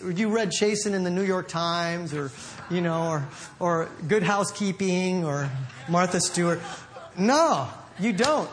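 A man preaching a sermon in an animated, playful way, acting out little quotes as he goes. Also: high-pitched. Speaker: pastor.

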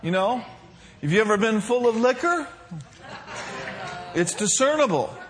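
A man's voice: very high voice, expressive, a little fast, some chatter behind. A man preaching a sermon to a congregation, mixing fillers and call-and-response asides. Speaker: pastor.

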